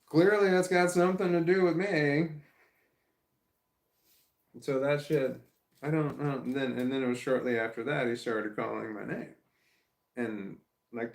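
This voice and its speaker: A man's voice: mid-range voice, gravelly, reverberant. A man talking to his camera in a casual vlog monologue, rambling and repeating himself, swearing when annoyed. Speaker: vlogger. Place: at home.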